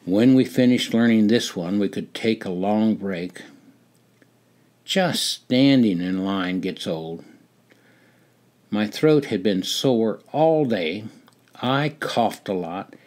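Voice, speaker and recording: A man in his seventies telling his own army memoir in a measured, wry way. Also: on the low side, darkish tone. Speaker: storyteller. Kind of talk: memoir narration.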